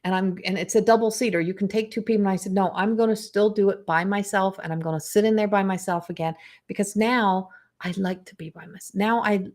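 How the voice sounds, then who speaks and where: Middle-aged woman, intuitive coach on a live stream, calm and unhurried, mid-range voice. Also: medium pitch. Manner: slow, soothing, trailing restarts; animated storytelling with acted quotes. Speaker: intuitive guide and spiritual coach. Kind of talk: live channeled guidance.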